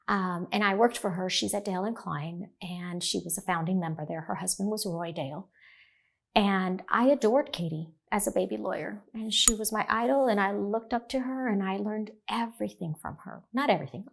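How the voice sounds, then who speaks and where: Animated middle-aged woman lawyer telling stories. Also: mid-range voice, gravelly. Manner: animated, acts out quoted dialogue. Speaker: divorce lawyer. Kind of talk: storytelling in a podcast interview.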